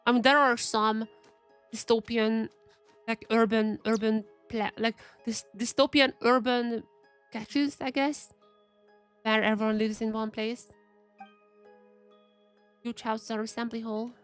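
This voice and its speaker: A woman's voice: fairly high pitch, level tone, takes it slowly, pauses often, fairly bright tone, clear, resonant tone. Chatty young woman streamer, game music. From Eastern Europe. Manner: chatty, thinking aloud, reading game text. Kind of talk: casual gameplay commentary.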